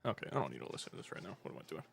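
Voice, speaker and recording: A man's voice: very deep voice, very animated, very fast, gravelly, fairly bright tone, a little hiss or hum. A British man hosting a fan livestream, chatting casually and joking as he answers viewer comments. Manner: rambling and joking, self-deprecating, with many restarts. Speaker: fan channel livestream host.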